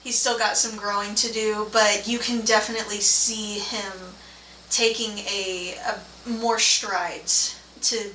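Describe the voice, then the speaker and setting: A woman co-hosting a casual movie review chat. She laughs often and talks in a relaxed, chatty way. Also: medium pitch, slow pace. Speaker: co-host of a movie and tea review show. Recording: roomy, from a distance, faint room noise.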